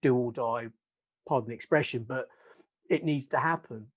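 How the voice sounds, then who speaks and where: A man's voice: mid-range voice, normal speed. Hesitant man asking questions. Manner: hesitant, rambling, restarts questions. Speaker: podcast host and interviewer. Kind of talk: casual interview questions over video call. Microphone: video call.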